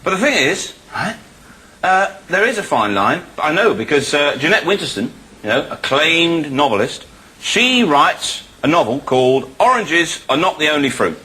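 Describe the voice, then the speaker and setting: A comedian doing a wry, conversational stand-up routine. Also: male voice, a little high, normal speed, a little hiss or hum, low-quality recording. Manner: wry, conversational, animated voice-switching. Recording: live show with loud audience. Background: loud audience laughter.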